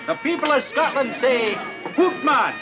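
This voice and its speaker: An actor playing a sailor who fakes a foreign admiral and a hammy Scot in a broadcast, giggling through put-on accents. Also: male voice, mid-range voice, fairly even intonation, a little fast, lightly acted. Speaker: sailor faking an enemy admiral on radio. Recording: loud music behind the voice.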